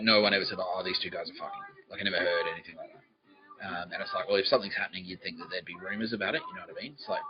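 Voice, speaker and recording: A lower-voiced man runs a loose comic monologue on his podcast, swearing freely and laughing at his own story while he mimics other people's lines. The sound is dull and lo-fi, with faint music underneath. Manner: profane, laughs often, mimics others in quoted asides. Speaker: podcast host.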